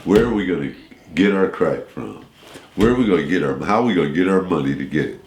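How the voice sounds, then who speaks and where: A man telling stories as a guest in a radio interview, rambling and animated, often restarting his sentences. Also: low voice, fast talker, roomy sound, slight background noise.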